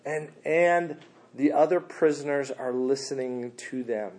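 A man preaching a sermon in a loose, slangy way, swinging between quiet asides and loud, animated bursts. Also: medium pitch, takes it slowly.

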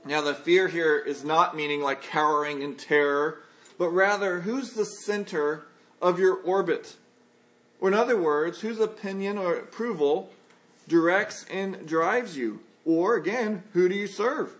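A man preaching a sermon as pastor, earnest and conversational, working through points with lively everyday examples. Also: high-pitched, a little slow.

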